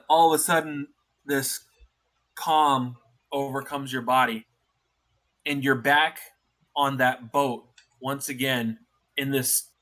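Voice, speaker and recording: A man's voice: medium pitch, pushed and bright. A man narrating as dungeon master in a tabletop game, in a loose style full of fillers.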